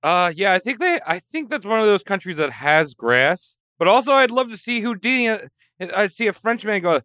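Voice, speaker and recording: A man co-hosting a comedy podcast who chimes in with quick jokes during casual banter. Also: high-pitched, big pitch swings, pushed and bright, dry recording, clean studio sound. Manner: quick jokey interjections. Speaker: podcast co-host.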